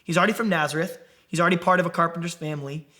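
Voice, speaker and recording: Male preacher, fairly high voice, lively Bible teaching with questions to the group. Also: rapid-fire. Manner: animated, asks the group questions. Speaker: young adult ministry preacher.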